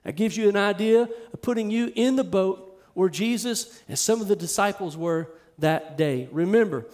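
High-voiced pastor preaching emphatically. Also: male voice, normal speed, darkish tone. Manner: conversational, emphatic preaching that swells in intensity. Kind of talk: sermon. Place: church sanctuary with a live congregation.

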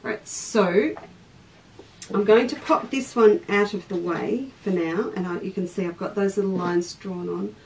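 A woman's voice: mid-range voice, fairly even intonation, a little slow, far from the mic, poor audio. An Australian woman leads a live sewing lesson in a chatty, easygoing way and greets her viewers between steps. Her voice sits a little away from the mic. A faint background noise runs under it. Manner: chatty, stops mid-task to greet viewers by name. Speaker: craft teacher and shop host.

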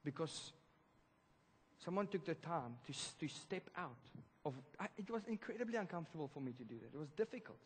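A man preaching a sermon, telling a story in a lively, casual way with slang. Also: fairly high pitch, a little fast, a little hiss or hum. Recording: reverberant church hall.

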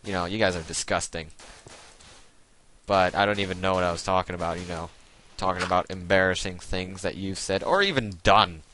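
A man's voice: deep voice, fairly quick, a bit bright, a little hiss or hum, low-quality recording. A young man rambling through jokey tangents while playing a video game. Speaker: gaming video host. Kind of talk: rambling let's play commentary.

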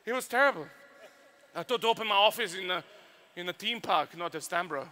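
Animated Serbian-accented man, high bright voice. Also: brisk. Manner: animated storyteller with sound effects. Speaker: youth workshop speaker. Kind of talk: storytelling youth workshop talk.

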